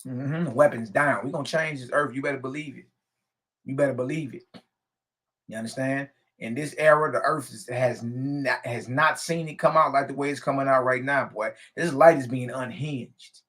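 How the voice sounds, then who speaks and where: A man's voice: mid-range voice, steady tone, moderate pace, fairly bright tone. A man reading a spiritual text aloud and preaching on it emphatically, repeating phrases and adding slangy asides. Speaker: spiritual teacher.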